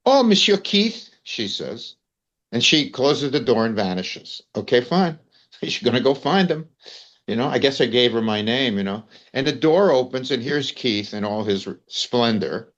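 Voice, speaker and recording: Speaking as a guest in a casual interview, this older New Yorker from the US spins meandering stories, often dropping "you know" and "man." His voice sits on the low side, and the recording is lo-fi.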